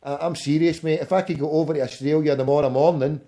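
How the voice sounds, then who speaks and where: A man's voice: a little high, fairly even intonation, fast, dark tone. A Scottish man in casual chat, blunt and profane, dropping "mate" often. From Scotland.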